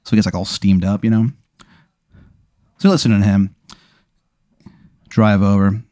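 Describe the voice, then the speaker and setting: A man's voice: lowish voice, level tone, a little slow, dark tone, no room sound, studio quality. A man narrating an improvised role-play as game master, chatty and often laughing.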